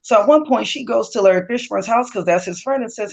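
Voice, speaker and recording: A woman's voice: fairly high pitch, quick pace, gravelly. A woman, a guest author, talking in an interview and telling stories expressively, slipping into other people's voices. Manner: expressive, acts out quoted voices, laughs often. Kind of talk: animated storytelling in conversation.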